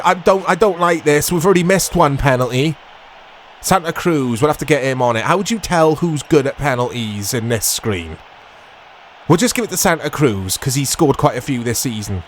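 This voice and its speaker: A man commentating his own football video game play, excitable and self-mocking, shouting at big moments. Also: mid-range voice, normal speed, a little hiss or hum. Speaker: gaming YouTuber. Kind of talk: gameplay commentary.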